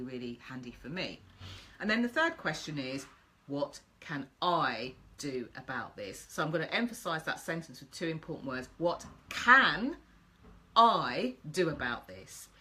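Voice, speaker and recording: A woman's voice: fairly low pitch, a bit bright, slight background noise, rough recording. A woman host giving a chatty, encouraging motivational talk to her viewers.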